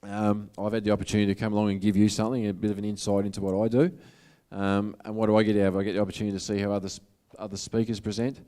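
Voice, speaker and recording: A man with an Australian accent speaks as a motivational speaker in a casual, earnest way. His voice sits fairly low and sounds smooth and resonant. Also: little pitch movement, very fast, dark tone. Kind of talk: public talk to an audience.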